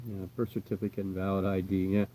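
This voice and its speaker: Talking quickly in a level tone, a deep-voiced man from the United States chats loosely with his livestream viewers about his tarantulas and answers their chat. He's dark and mellow, rambling and reassuring, and his voice frequently sinks into a mutter.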